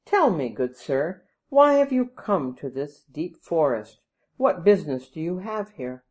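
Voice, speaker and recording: Calm, courteous male hermit prince for a storybook, read by a woman, formal and gentle. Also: sits low, a little slow. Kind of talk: storybook reading.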